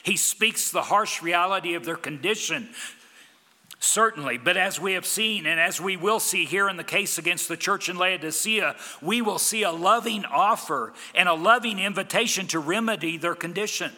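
A man delivers a sermon with an emphatic preaching style, his voice very bright and a little high. He swings from loud declarations down to quiet, low lines. The sound carries a long reverb, as in a large hall. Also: normal speed. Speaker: pastor.

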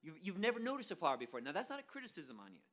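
A man's voice: high-pitched, huge pitch swings, very fast, a bit bright. A man preaching a sermon to a congregation in a conversational, self-deprecating way, with frequent restarts and asides. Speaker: pastor.

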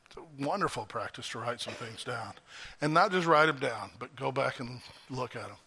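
A male pastor preaching a sermon at a church service, animated and emphatic, throwing out rhetorical questions to the congregation. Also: mid-range voice, normal speed, breathy edge.

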